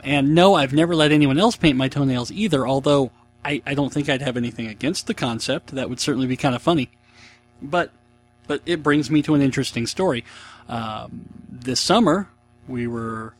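A man in his thirties talks through a casual solo podcast in a mid-pitched voice. He rambles from one aside to the next and pokes fun at his own laziness. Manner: rambling, self-mocking, chatty. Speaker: podcast host.

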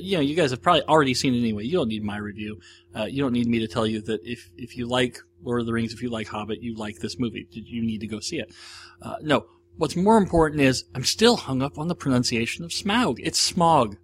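An American man talks alone into his podcast mic, chatty and enthusiastic as he reviews films. He rambles along with plenty of restarts, at an ordinary pitch for a man, while a faint hum sits behind him. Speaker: podcast host reviewing movies. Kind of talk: casual solo monologue. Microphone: audio-only recording, no video.

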